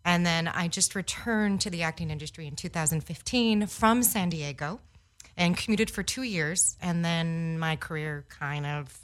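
A cheerful woman in her forties from Los Angeles chats easily as a podcast guest. Her voice sits a little low, and she talks in an upbeat, casual way, laughing often. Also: moderate pace. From Los Angeles, USA. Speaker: guest actor.

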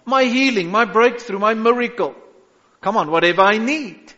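A man's voice: high voice, animated, normal speed, bright, forceful tone. A man preaching a sermon as pastor, urging his listeners with repeated call-outs and rising exhortations. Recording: echoey hall, dull lo-fi sound.

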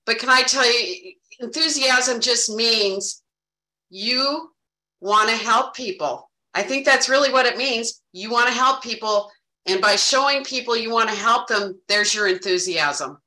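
A bubbly woman with a bright, forceful voice gives sales advice with lots of emphasis. She sounds over the top and eager. Her voice rings in an echoey room. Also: a little high, a little slow. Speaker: sales agent sharing tips. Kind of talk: energetic group discussion.

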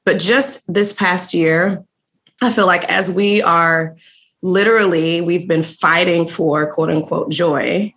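A woman's voice: fairly low pitch, steady tone, takes it slowly, fairly bright tone. A woman from the US Northwest co-hosting a podcast, speaking in a casual, earnest and reflective way. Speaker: podcast co-host. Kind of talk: casual chat.

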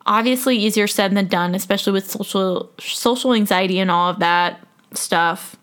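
A woman's voice: medium pitch, normal speed, a bit bright, clear, resonant tone. A woman in her twenties hosting a solo podcast, talking frankly and casually, joking and laughing often. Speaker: podcast host.

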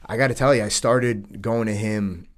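A man in his late thirties with a lowish voice chats loosely on a podcast. He grew up near New York and peppers his stories with dude and man. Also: steady tone, normal speed. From New York, United States. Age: 30s. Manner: easygoing, says dude and man often. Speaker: podcast host. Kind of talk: casual chat.

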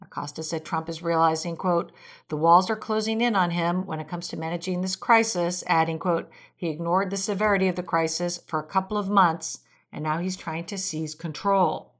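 Reading quotes on her weekly political news podcast, a woman slips in occasional brief asides with fillers. She speaks at normal speed in a lowish, steady voice.

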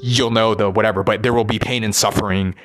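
A man's voice: on the low side, steady tone, fast talker, a bit bright, faint music behind. Man rambling with restless, broken-off thoughts. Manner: rambling, restarts, frequent "right?". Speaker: musician and performer. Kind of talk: rambling monologue.

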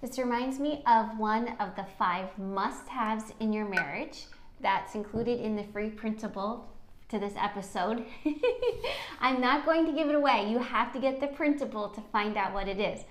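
A woman's voice: fairly high pitch, moderate pace. A middle-aged woman co-hosting a podcast, encouraging and affirming as she talks about marriage. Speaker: podcast co-host. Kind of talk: casual chat. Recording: echoey room.

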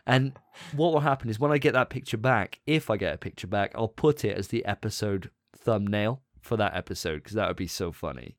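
A man hosting a podcast in casual chat, animated and often laughing. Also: on the low side, no room sound, clean studio sound. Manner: animated, laughing, quick asides. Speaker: podcast host.

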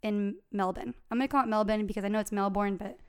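A woman's voice: mid-range voice, fairly even intonation, quick pace, clear, resonant tone. A young woman co-hosting a podcast, telling a true crime story in a casual, chatty way with lots of fillers.

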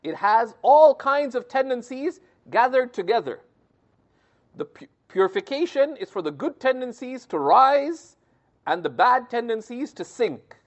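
A man gives a scripture commentary lesson in an explanatory, step-by-step way, often pausing to check in with his listeners. His delivery is animated, with his pitch rising and falling widely. The recording sounds dull and lo-fi. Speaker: religious teacher.

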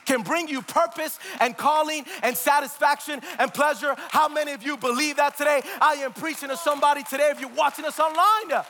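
A man's voice: very high-pitched, bright, forceful tone. A man preaching a live church sermon, emphatic and repetitive, calling out to the congregation. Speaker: pastor. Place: church sanctuary. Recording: long hall reverb.

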